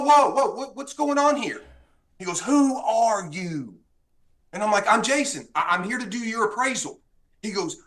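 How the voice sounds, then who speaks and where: A man from Texas, a guest on a podcast, telling a story with feeling and acting out what was said. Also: high voice. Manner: animated, acts out dialogue in the story. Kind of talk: casual storytelling.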